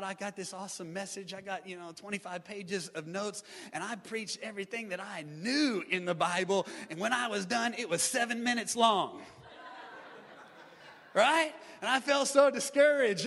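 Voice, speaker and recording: A male pastor giving a live sermon, building to shouted emphasis with repeated refrains. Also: high voice. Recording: live sermon in reverberant hall.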